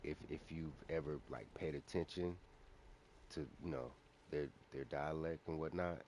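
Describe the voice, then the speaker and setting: A man's voice: rumbling low, moderate pace, darkish tone, slight background noise. A man talking casually on his own channel, rambling with restarts and self-corrections as he goes. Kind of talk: casual solo commentary.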